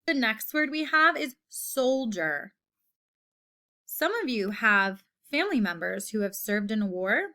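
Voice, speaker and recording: Female teacher, slightly high voice, slow deliberate delivery for a children's word lesson. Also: animated, sharp tone. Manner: slow, patient, repeats each word with example sentences.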